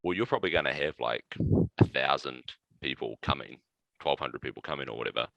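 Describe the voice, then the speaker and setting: A man, a podcast guest telling a road-trip story in casual, swearing, animated chat. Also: very deep voice, fairly quick, gravelly, dry recording, low-quality recording. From New Zealand. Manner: animated anecdote-telling with profanity and laughs.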